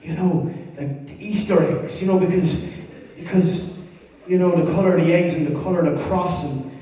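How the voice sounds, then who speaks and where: An Irish man performs stand-up with animated, profane storytelling and quick character voices. His voice sits high. It comes from a distance, with the long, roomy echo of a big hall. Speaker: stand-up comedian. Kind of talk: stand-up comedy set. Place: theatre stage before a live audience.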